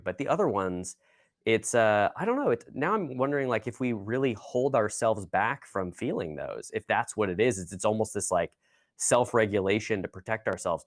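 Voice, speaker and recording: A man's voice: fairly low pitch, no echo, studio quality. A man hosting a podcast, musing in a thoughtful, casual way. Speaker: podcast host. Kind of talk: podcast conversation.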